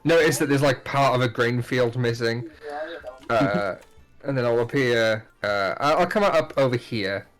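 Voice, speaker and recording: A man's voice: medium pitch, unhurried, fairly bright tone, soft background music. Man, tabletop player, jokey and teasing, casual. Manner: joking, laughing, teasing.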